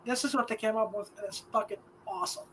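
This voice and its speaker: A woman's voice: on the high side, fast, slight background noise. A woman co-hosting a radio show, chatting casually in a profane, offhand and enthusiastic way. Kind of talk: casual chat.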